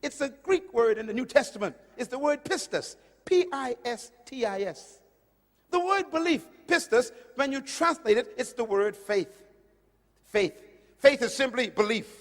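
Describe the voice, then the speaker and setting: A man preaching a sermon, emphatic and swinging between loud declarations and hushed storytelling. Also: extremely high pitch, animated, unhurried, long reverb tail. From Caribbean.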